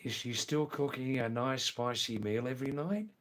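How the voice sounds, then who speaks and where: A man's voice: medium pitch, a bit bright, close to an everyday voice. A man putting on a cheery, overfamiliar Australian bloke, bantering heartily. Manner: hearty, fast repeated banter.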